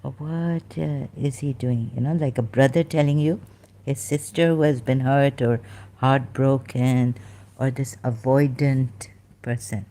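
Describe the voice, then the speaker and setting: A woman's voice: extremely low pitch, fairly even intonation, a little slow, mellow. A woman vlogger talking casually to camera, rambling and breaking off mid-sentence to restart her thoughts. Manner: rambling, self-interrupting, many restarts. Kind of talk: casual monologue.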